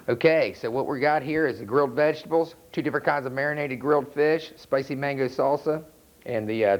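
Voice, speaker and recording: Laid-back Carolina chef talking you through a recipe. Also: male voice, mid-range voice. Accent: North Carolina. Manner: relaxed, plainspoken, step-by-step instruction. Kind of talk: cooking demonstration. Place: outdoor charcoal grill by a house. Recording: dull lo-fi VHS recording.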